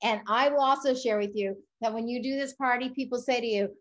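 A woman's voice: a little high, steady tone, brisk, highs cut off. A woman host wrapping up with enthusiastic, emphatic praise. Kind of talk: enthusiastic wrap-up.

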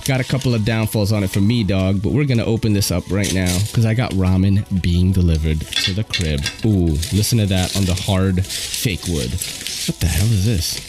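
A man hosting his channel, chatting casually and excitedly in slang while unboxing at home. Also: low-pitched, moderate pace, music in the background. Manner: slangy, excitable, loud exclamations. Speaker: channel host reviewing knives. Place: at home at a table.

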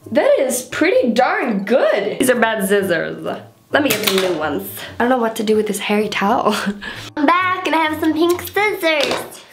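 A fairly high-voiced woman talks casually and giggles her way through a home vlog, swearing freely. Her voice rings in an echoey small bathroom, with faint music underneath. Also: big pitch swings, moderate pace. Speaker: beauty vlogger.

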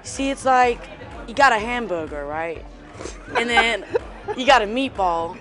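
A woman's voice: on the high side, animated, measured pace, pitched above the performer's own voice. A woman putting on an American accent to play a rambling male music star who talks in meandering metaphors, with music and a crowd behind her. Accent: put-on American. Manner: meandering food metaphors, then a blunt punchline.

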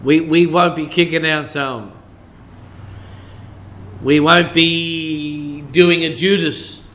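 A man's voice: on the high side, fairly even intonation, takes it slowly, long pauses, fairly bright tone. A man, preaching a midweek sermon as a pastor in a chatty storytelling way, full of "you know" and "sort of".

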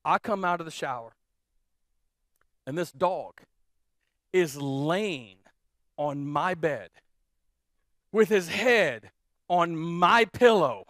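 A man preaching a sermon as pastor, telling stories in a lively way and repeating phrases for emphasis. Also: on the high side, takes it slowly, pauses often, no echo, clean studio sound. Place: church.

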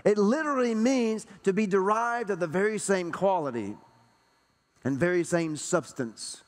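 A man's voice: high voice, moderate pace, in a large hall. A man preaching a sermon to a church congregation, emphatic, hammering home repeated rhetorical questions. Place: church sanctuary.

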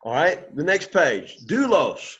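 A man's voice: a little high, lively intonation, moderate pace, slight background noise. A man teaching a Greek lesson, patiently leading the class to repeat words after him. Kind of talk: classroom lesson with call-and-response drills. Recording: dull lo-fi classroom recording.

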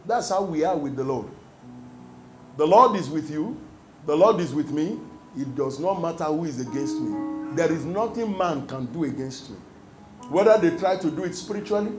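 A man's voice: a little high, animated, normal speed, roomy sound, music in the background, poor audio. A male pastor preaching a sermon, reading scripture and putting questions to the congregation for them to answer. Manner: emphatic call-and-response preaching.

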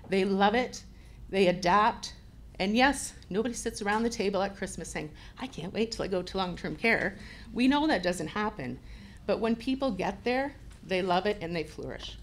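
A woman from Canada, a care home administrator, speaking earnestly on a panel as an advocate for residents. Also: medium pitch. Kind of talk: panel talk.

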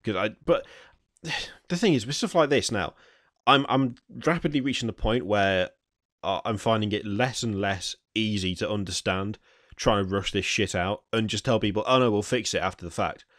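A man's voice: fairly low pitch, normal speed, a bit bright, dry recording, studio quality. A man hosting a gaming podcast, reading news items aloud and then ranting about them with stammering restarts. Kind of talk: news reading and casual chat.

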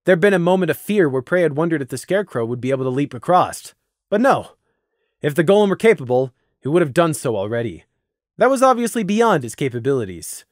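A man narrating a fan fiction audiobook in an expressive, dramatic reading style. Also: on the high side, a little fast, no echo, studio quality.

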